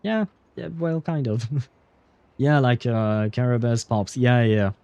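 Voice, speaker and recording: A man's voice: mid-range voice, takes it slowly, a little mellow, smooth, highs cut off. A man streaming a game, chatting casually in a rambling, hesitant way, with many fillers and chuckles. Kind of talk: casual livestream commentary.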